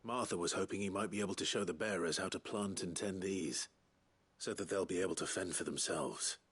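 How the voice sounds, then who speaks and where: An actor voicing a terse, grave young male hero who speaks curtly and dryly in video game dialogue, with a husky voice. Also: low voice, brisk, a bit bright. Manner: curt and dry.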